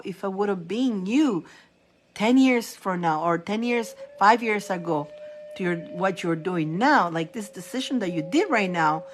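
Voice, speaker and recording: A woman talks to her live-stream viewers as a spiritual reader. She is chatty and animated, and her voice jumps up high when she gets excited. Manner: animated and chatty, laughing often. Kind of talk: casual live-stream chat.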